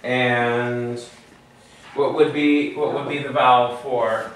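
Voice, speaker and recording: A man's voice: mid-range voice, level tone, takes it slowly, fairly bright tone. Male teacher, explaining step by step, quizzing students, far from the mic, very echoey room, faint noise. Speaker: Hebrew teacher. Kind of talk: classroom lesson. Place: class room.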